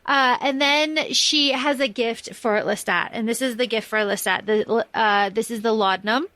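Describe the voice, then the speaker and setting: A woman's voice: fairly high pitch, normal speed, sharp tone, dry recording. A woman co-hosting a podcast, rambling enthusiastically about a movie and swearing freely. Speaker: podcast co-host. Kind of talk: casual film discussion.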